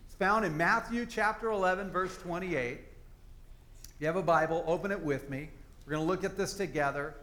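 A man's voice: high voice, brisk, a bit bright. A man preaching a sermon to his congregation in a conversational, folksy storytelling manner. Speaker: pastor. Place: church service.

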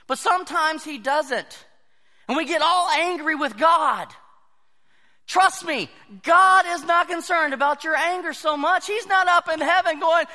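A man preaching a sermon, telling animated stories and acting out the voices of the people in them. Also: very high-pitched. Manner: animated storytelling, acts out quoted voices. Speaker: pastor. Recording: long hall reverb.

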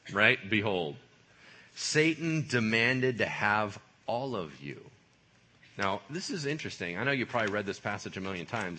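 A man preaching a sermon in a lively, conversational way, full of casual slang. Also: lowish voice, husky. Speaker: pastor.

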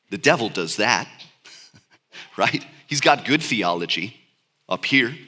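A man preaching a sermon. He reads Bible verses aloud and then explains them, with sudden rises of emphasis. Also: mid-range voice. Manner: reads scripture aloud slowly, then explains in lively speech.

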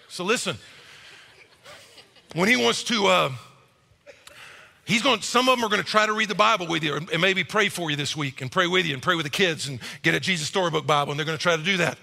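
A middle-aged male pastor preaching a sermon in a church, animated and acting out quick quoted voices. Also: high-pitched, vocal fry. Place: church auditorium. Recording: reverberant church hall.

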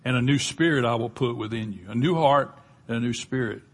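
A man's voice: medium pitch, a little fast, breathy edge. An older man with a Southern US accent preaching a sermon, folksy and conversational, with touches of humor. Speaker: pastor.

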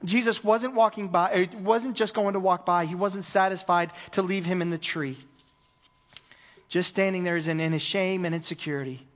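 High-voiced pastor preaching casual style, gets loud then real quiet, long echo in the sanctuary. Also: male voice, fairly even intonation, normal speed. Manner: conversational preaching, swings from loud emphasis to hushed. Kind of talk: sermon.

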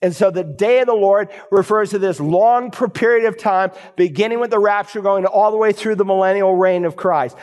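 A man's voice: sits high, moderate pace, hardly any pauses, a little mellow. A male pastor preaching a sermon, driving points home with rhetorical questions and emphatic repetition. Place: church sanctuary. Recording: reverberant church hall.

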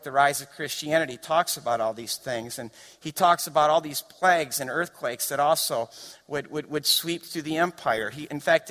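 Impassioned male preacher in a reverberant hall. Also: fairly high pitch. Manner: building to impassioned shouts, varied pacing. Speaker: pastor. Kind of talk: sermon. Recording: long reverb of a large hall.

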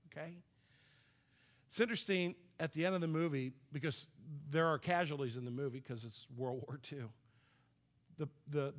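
A middle-aged pastor with a fairly high, slightly bright voice preaches a sermon. He speaks conversationally and tells stories, with light laughs and restarts along the way.

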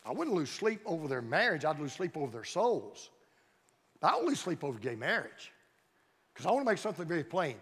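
Very animated and brisk, a male pastor preaches in a church sanctuary, hammering his points with emphatic repeated phrases. His fairly high voice is a bit bright with a breathy edge, echoing in a long hall reverb.

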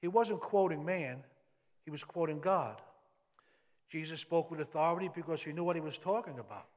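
A man delivers a sermon from the pulpit, his voice sitting a little high. He speaks conversationally, then leans hard on key words. The church hall carries a long reverb behind him. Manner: conversational preaching with emphatic rises. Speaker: pastor.

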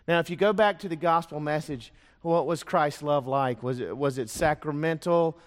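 Fairly high-voiced preacher in a reverberant church. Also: male voice, normal speed, hardly any pauses. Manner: storytelling preacher, rhetorical questions, drops to a hush for emphasis. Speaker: pastor. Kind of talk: sermon. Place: church sanctuary. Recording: long church hall reverb.

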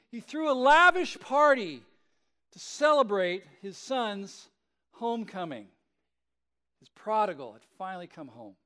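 A male pastor telling a story in a sermon, conversational and animated, often checking in with the listeners. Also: high-pitched.

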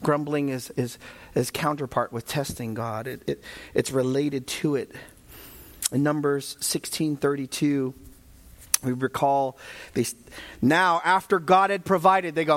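A man preaching a sermon who addresses the congregation directly and moves between calm Bible teaching and fervent, shouted exhortation. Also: on the high side, measured pace. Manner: addresses listeners directly as brothers and sisters.

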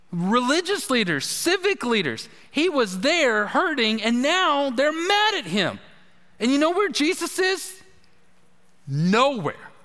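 Animated pastor preaching in a hall. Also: male voice, very high voice. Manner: conversational, animated storytelling with acted-out quotes. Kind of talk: sermon.

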